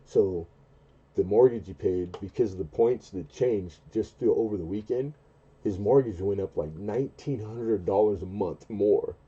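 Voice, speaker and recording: A man's voice: breathy edge, muffled recording. A man in his forties telling a long, rambling story on a casual late-night stream, often stopping and restarting mid-sentence. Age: 40s. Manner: rambling, halting, with many restarts and fillers; acts out quoted dialogue in a much higher, louder voice. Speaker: livestream host.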